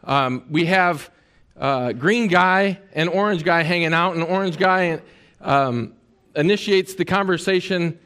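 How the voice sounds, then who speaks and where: A man's voice: high-pitched, unhurried, a bit bright, smooth. A man preaching a sermon as a pastor, in a conversational way with many fillers.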